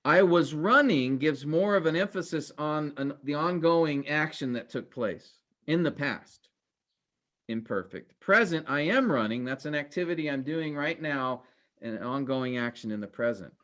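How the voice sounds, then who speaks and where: A man teaching a class, halting with many fillers and restarts, his voice trailing off quieter at the ends of phrases. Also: fairly high pitch, expressive. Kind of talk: classroom lecture.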